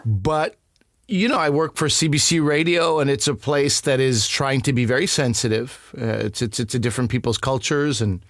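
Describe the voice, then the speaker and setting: A man of Pakistani family tells stories in a relaxed, conversational way, with his voice set close and dry. His tone stays mid-range and easy. He brings the people in his stories to life as he speaks. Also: mid-range voice, normal speed, no room sound. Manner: animated, acts out other people's voices. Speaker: guest. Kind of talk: conversational storytelling.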